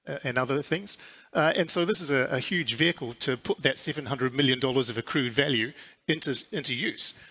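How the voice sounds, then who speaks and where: A man with a New Zealand accent, an airline chief executive answering questions in a measured, businesslike way at a conference interview, with frequent fillers. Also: mid-range voice, bright, forceful tone. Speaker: airline CEO.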